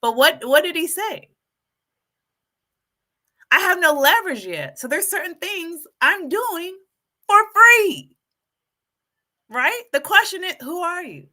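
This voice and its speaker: A woman with a very high voice hosts a casual YouTube live stream, talking slowly with long pauses. She refers to her viewers as folks and gets increasingly fired up, animated and preachy, hyping herself up.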